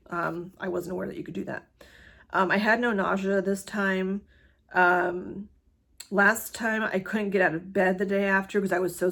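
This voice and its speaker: A woman chats to camera in a loose, rambling way, stopping often for fillers and small laughs. Her voice sits at a middle pitch with a husky edge, and she talks in a rush as though short on time. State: hurried. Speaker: vlogger sharing her cancer journey. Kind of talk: casual chat to camera.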